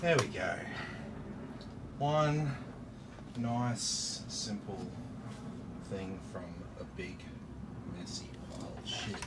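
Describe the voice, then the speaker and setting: A man's voice: lowish voice, lively intonation, slow, pauses often, very noisy. An Australian man chatting casually while building a PC, rambling through a story with lots of fillers and the odd swear word. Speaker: PC builder hosting a live stream. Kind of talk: casual chat while working.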